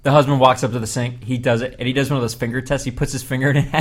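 A man's voice: mid-range voice, level tone, very fast, slight background noise. A man hosting a casual group podcast, telling a long story with lots of laughter and restarts. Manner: rambling storyteller, laughs often. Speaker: podcast host.

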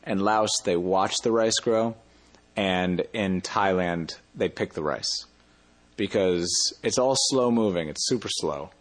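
A man's voice: low-pitched, takes it slowly. A man telling a travel story in a casual interview, rambling and often correcting himself mid-sentence. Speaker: interview guest.

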